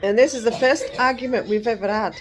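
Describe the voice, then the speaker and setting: A woman's voice: a little high, quick pace. A woman chatting casually as a vlogger, unwell with migraine and fever, rambling as she tells a story and quotes what others said. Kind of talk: casual chat.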